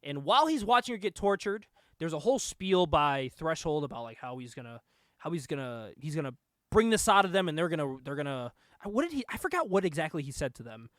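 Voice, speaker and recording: High, bright-voiced man recapping excitedly. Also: a little fast, no echo, studio quality. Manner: animated storytelling, laughs often, acts out lines. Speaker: podcast host. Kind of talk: casual chat recapping a movie.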